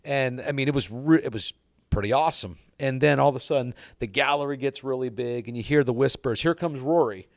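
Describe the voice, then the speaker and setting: A man, a golf instructor guest on a podcast, telling stories in a lively way and acting out what others said. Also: mid-range voice, a little fast, no echo, studio quality. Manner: lively storyteller, acts out quoted dialogue. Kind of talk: casual storytelling conversation.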